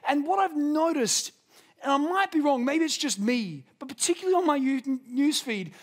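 Australian male pastor, fairly high voice, passionate sermon delivery that drops to near-whispers for emphasis. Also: animated, moderate pace. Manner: passionate preaching, swinging from loud emphasis to hushed intensity.

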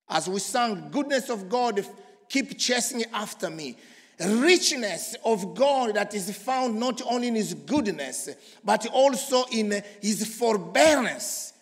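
A preacher from Congo, preaching emphatically and swinging from loud to hushed. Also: male voice, high-pitched. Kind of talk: sermon. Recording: long hall reverb.

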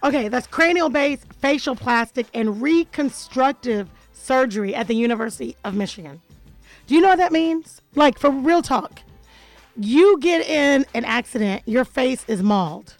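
Woman radio host, playful and joking, higher voice, dry close studio sound. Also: animated, normal speed, dry recording, faint music behind, low-quality recording. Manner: playful, joking, laughs often. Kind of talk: casual radio chat.

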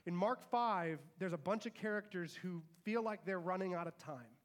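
A man's voice: sits high, normal speed. A man, a father and pastor, preaching a sermon to his church and animatedly acting out the lines of the story he tells.

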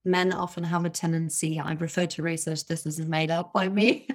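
A woman's voice: sits low, flat delivery, normal speed, few pauses. A woman giving confident, emphatic expert advice as a guest in a podcast interview, laughing now and then at her own points. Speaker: communication coach, guest.

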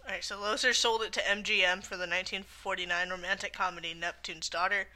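A woman's voice: medium pitch, fairly even intonation, fast talker, sharp tone. A woman co-hosting a casual podcast chat, talking loosely and often quoting people in little acted lines. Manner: chatty, quotes people in play-acted lines. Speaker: podcast co-host.

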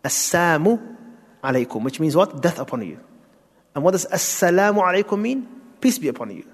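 A man's voice: on the high side, big pitch swings, brisk, husky. A man giving a Quran tafsir lesson, explaining step by step, asking rhetorical questions and mixing in Arabic terms. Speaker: Islamic teacher. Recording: long hall reverb.

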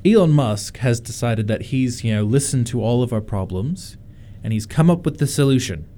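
A man's voice: medium pitch, animated, moderate pace, warm tone. Aussie guy who sounds kinda american, curious, asks questions, faint room hiss. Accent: Australian with an American tinge. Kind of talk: casual chat.

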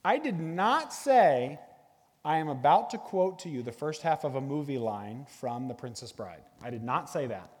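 A middle-aged man giving a guest sermon in a church, animated and jokey, talking to a live audience. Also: fairly high pitch, moderate pace, slightly rough. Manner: animated, jokey, bursts into sung movie lines. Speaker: guest speaker. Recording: long hall reverb.

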